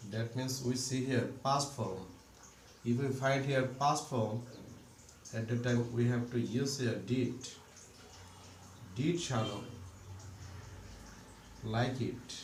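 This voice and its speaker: A man's voice: medium pitch, slow pace, long pauses. A man teaching a grammar lesson, explaining step by step and repeating each example sentence. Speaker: English teacher. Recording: roomy, distant mic with faint background noise.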